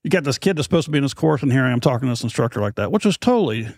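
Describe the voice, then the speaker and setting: A man's voice: mid-range voice, lively intonation, racing, darkish tone, dry recording. A middle-aged American man, a podcast host being interviewed, telling a rambling, self-deprecating story and acting out the voices of others. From United States.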